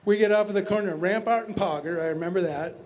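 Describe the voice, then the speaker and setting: A man's voice: high voice, fast, slight background noise. Wry man telling a story on stage. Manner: conversational and wry, with asides and restarts. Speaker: talent show performer. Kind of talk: spoken storytelling. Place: community center stage.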